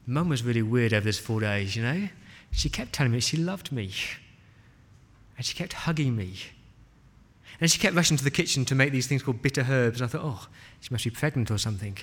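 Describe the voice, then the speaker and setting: A male preacher retelling a scripture story in the first person as a child eyewitness, with dramatic pauses. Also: medium pitch, lively intonation. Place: church hall. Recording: long hall reverb.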